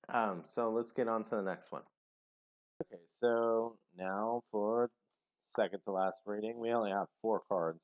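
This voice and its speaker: A man giving a casual tarot reading to camera, chatty and expressive, who gets caught up in his feelings. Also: on the low side. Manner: expressive, chatty, gets emotional, many ums. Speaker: tarot reader.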